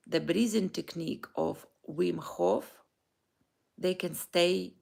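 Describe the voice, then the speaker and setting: Slow, creaky-voiced woman sharing personal thoughts. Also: fairly low pitch, fairly bright tone. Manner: slow, halting, heartfelt, with pauses and restarts. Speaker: vlogger and life coach. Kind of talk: personal morning reflection vlog.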